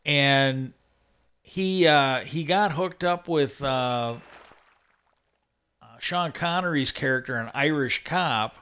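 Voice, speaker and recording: A man's voice: mid-range voice, takes it slowly, pauses often, sharp tone, clear, resonant tone. A man hosting a livestream, casually rambling through stories with many fillers and restarts. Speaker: livestream host.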